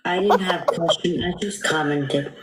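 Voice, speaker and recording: A woman's voice: lowish voice, normal speed, a loud crowd. A woman calling into a live stream who speaks in an earnest, preachy way. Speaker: caller. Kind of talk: casual call-in chat.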